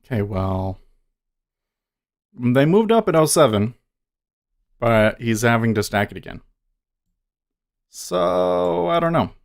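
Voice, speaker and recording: A man's voice: medium pitch, sing-song, vocal fry. A man streaming live day trading, talking casually and thinking aloud as he watches the market. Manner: thinks aloud, musing and unhurried.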